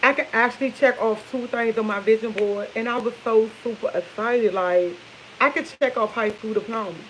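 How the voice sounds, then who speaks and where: A woman's voice: on the high side, normal speed, slight background noise, low-quality recording. A woman, chatting over morning coffee at home, telling stories to her viewers. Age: 50s. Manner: chatty, animated storytelling, addresses viewers as y'all. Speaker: vlogger. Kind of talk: casual morning coffee chat. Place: home kitchen, indoors.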